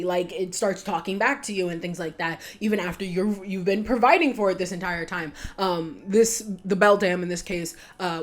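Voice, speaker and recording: A young woman vlogger casually chatting about a film she just watched, rambling, filling her talk with "like" and breaking into giggles. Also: fairly low pitch. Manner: rambling, giggly, heavy use of "like". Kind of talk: casual chat.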